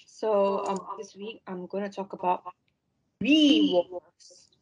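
A woman on a podcast recapping a TV series, halting with frequent ums. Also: mid-range voice, a little mellow, breathy edge, highs cut off. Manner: hesitant, many ums and restarts. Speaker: podcast co-host. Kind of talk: casual chat, recapping a show.

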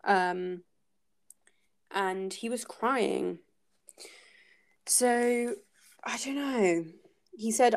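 A woman's voice: a little high, takes it slowly, gravelly, long pauses, a little hiss or hum. A woman hosting a casual book-club podcast, thinking aloud and hesitating with many fillers as she talks through a chapter.

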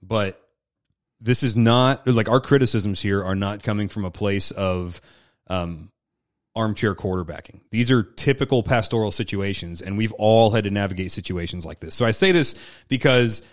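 A man's voice: fairly low pitch, normal speed. A man who is a pastor, hosting a podcast and commenting in an earnest, explanatory way.

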